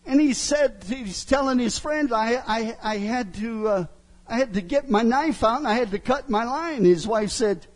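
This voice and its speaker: A middle-aged male preacher giving a sermon, emphatic, often asking his listeners "huh?". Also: very high voice. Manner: slow, emphatic, asks the crowd "huh?" often.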